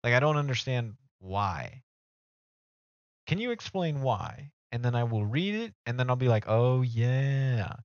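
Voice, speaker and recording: A man's voice: medium pitch, sing-song, normal speed, no echo. A young man streaming live, rambling casually and joking with his chat. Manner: rambling, self-mocking, talks to chat. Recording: dull dry home mic audio.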